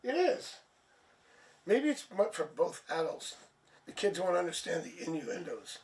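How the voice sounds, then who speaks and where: A man hosting a live tarot stream, chatting casually and sounding tired and low on energy. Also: very animated, a little slow. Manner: chatty, laughs at himself, thinks aloud. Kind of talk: casual live-stream chat and card reading. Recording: distant mic, faint background noise.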